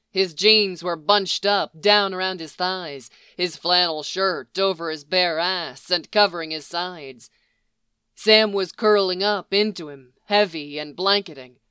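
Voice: medium pitch, steady tone, unhurried, pushed and bright, clear, resonant tone, no room sound, studio quality. A narrator reading a story aloud with wry, emphatic delivery. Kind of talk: audiobook reading of fan fiction.

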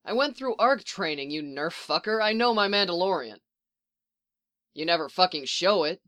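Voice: mid-range voice, animated, normal speed, bright, forceful tone. A reader voicing Rex, a swearing worn-out soldier man. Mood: breathless, teasing. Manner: swears a lot, blunt and scrappy. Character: weary soldier clone man, profane, teasing. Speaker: clone soldier captain.

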